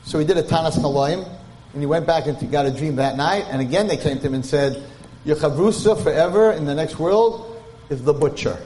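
Man, slightly high voice, storytelling torah class, translating hebrew line by line. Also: fairly quick, dark tone, a little hiss or hum. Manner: translating Hebrew text line by line, mixing Yiddish and Hebrew terms. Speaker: Torah lecturer.

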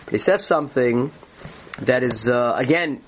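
A man's voice: mid-range voice, animated, normal speed, a little hiss or hum, poor audio. A man teaching a Torah class, earnestly explaining ideas and often restarting his phrases.

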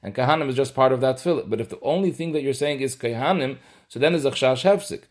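A man's voice: medium pitch, lively intonation, fast. A man giving a halachic lesson, explaining step by step. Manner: explanatory, mixes Hebrew and Yiddish terms into English. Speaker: Torah teacher.

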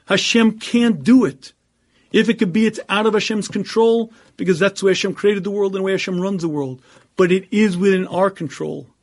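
A man giving an earnest Torah lecture as a rabbi, often clearing his throat, then reading out audience questions. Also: high voice.

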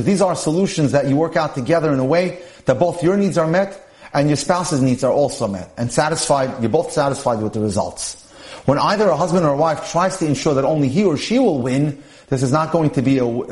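A man's voice: a little high, darkish tone. Earnest man reading in an echoey room. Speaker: speaker on marriage. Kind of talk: reading a first-person story aloud with commentary.

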